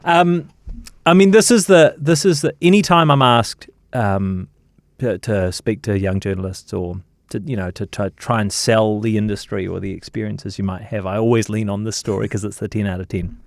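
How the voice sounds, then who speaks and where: A man's voice: fairly low pitch, normal speed, vocal fry, dry recording, studio quality. Chatty New Zealand man telling stories. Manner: animated anecdotes with many fillers and restarts. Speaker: journalist guest. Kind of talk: casual storytelling interview.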